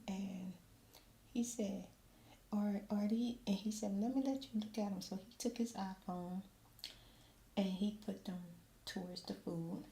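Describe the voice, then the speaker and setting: A middle-aged woman telling a story in a soft-spoken ASMR chat, slipping into whispers now and then. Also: mid-range voice, unhurried, vocal fry. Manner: animated storytelling, drops into whispers. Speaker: ASMR creator. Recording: roomy echo, faint ambient noise.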